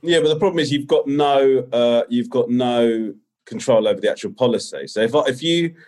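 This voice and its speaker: A man's voice: mid-range voice, brisk, a little mellow. A man co-hosting a comedy podcast, dryly correcting and teasing his friend. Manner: dry, sarcastic corrections. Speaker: podcast co-host. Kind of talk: casual comedy chat.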